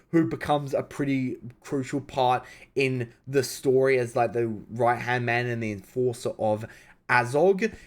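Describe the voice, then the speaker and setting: A young man reacting to films in casual commentary, excitable, swearing and laughing. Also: medium pitch. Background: film music playing.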